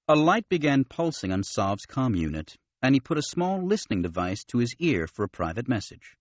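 A man reading an audiobook in an expressive narrating style. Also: mid-range voice, a little fast, few pauses, dry recording, muffled recording. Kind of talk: scripted narration.

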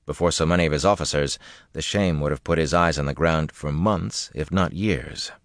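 A male audiobook narrator with a very deep voice delivers scripted narration at normal speed. The recording is dry and studio quality.

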